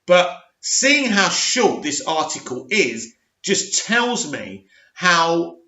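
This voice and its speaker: A channel host with a sharp-toned voice on the high side, big pitch swings, and drawn-out words mocks an article as he reads it. His ranting reaction commentary is sarcastic and scornful, broken by frequent laughter, and captured in dull lo-fi audio in an echoey room.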